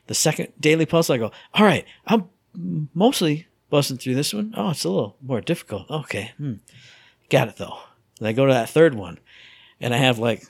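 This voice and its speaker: A man co-hosting a podcast in casual chat, telling stories with lively delivery and acting out his own thoughts. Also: medium pitch, no echo, studio quality. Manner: animated storyteller, acts out his own inner voice. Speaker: podcast co-host.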